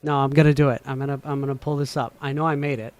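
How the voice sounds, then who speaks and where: A man's voice: medium pitch, little pitch movement, very fast, darkish tone, dry recording. A man hosting a casual livestream from home, rambling, swearing casually and laughing often. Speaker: livestream host. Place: home room.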